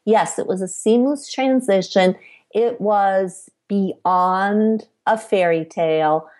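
A middle-aged woman, a podcast guest, recounting her life in a measured storytelling way. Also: medium pitch, darkish tone. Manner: measured, acts out quoted dialogue. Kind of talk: personal storytelling.

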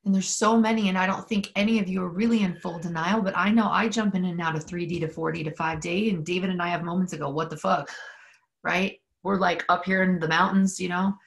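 A woman's voice: fairly low pitch, fairly even intonation, quick pace, gravelly. A woman leading a guided spiritual session from a mountain home, earnest and intimate, swearing freely and leading call-and-response prayer. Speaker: spiritual workshop leader.

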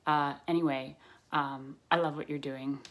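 A woman's voice: deep voice, fairly even intonation, unhurried, a bit bright. A woman with a Canadian accent, recording a playful, joking video greeting to her fans. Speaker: actress sending a fan greeting. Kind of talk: casual video message.

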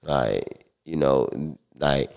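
A man recounting a personal story in a relaxed interview, talking loosely with many fillers. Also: very deep voice, extremely slow, vocal fry, smooth. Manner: relaxed, loose, full of fillers like "like" and "you know". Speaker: guest.

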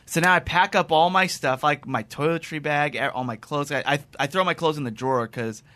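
A man hosting a podcast, telling a story in a casual, animated way, laughing and acting out his phone calls. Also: a little high, a little fast. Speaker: podcast host.

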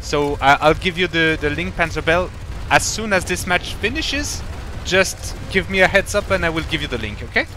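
A man's voice: fairly high pitch, animated, normal speed, sharp tone, slight background noise. A man commentating a strategy game live, explaining in a rambling, playful way with many fillers and restarts. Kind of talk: casual live-stream commentary.

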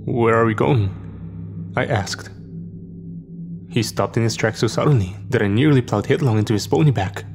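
A man narrating a scripted horror story in a steady, measured way. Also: on the low side, music in the background.

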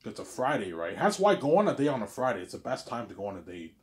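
A man's voice: medium pitch, sing-song, fast talker, a little mellow. A young man talking alone in a rambling, boastful way, often repeating himself and stumbling over words. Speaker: vlogger. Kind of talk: rambling solo monologue.

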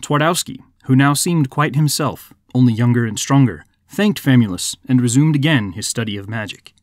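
A man hosting a podcast, reading a folk tale as measured, scripted narration on a close mic. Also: mid-range voice, dry recording. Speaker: podcast host.

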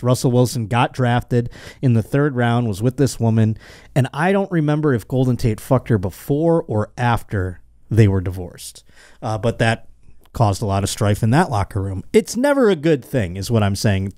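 A man's voice: medium pitch, expressive, moderate pace, a little mellow, no room sound, studio quality. A man hosting a comedy podcast, rambling crudely and mocking people with put-on quotes. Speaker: podcast host. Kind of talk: casual comedic podcast banter.

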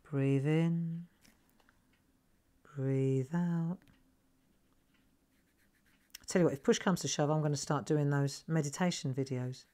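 A middle-aged woman hosting a live craft lesson, chatting gently and coaxing viewers to relax as she demonstrates. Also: low voice, quick pace.

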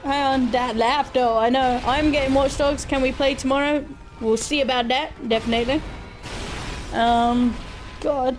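A young woman chatting casually and bluntly with her viewers, crude and quick to giggle. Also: high voice, steady tone, over music. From Britain. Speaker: gaming livestreamer. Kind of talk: casual chat answering viewer questions.

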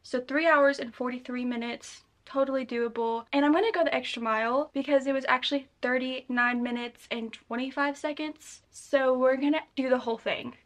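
A woman's voice: high-pitched, steady tone, normal speed, hardly any pauses. A young woman vlogging about her reading day in a chatty, self-deprecating way, talking from bed. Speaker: book vlogger. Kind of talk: casual vlog talk. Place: bedroom, in bed.

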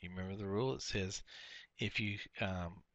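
A man's voice: sits low, fairly even intonation, normal speed, fairly bright tone, no echo. A man teaching a workbook lesson, explaining each step and repeating key words.

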